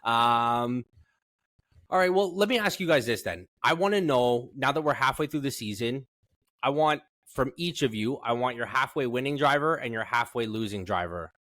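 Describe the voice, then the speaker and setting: A man's voice: medium pitch, lively intonation, normal speed, fairly bright tone, no room sound. A man hosting a casual podcast, joking and cursing while he steers the conversation. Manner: joking, profane, steers the talk. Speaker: podcast host. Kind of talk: casual chat.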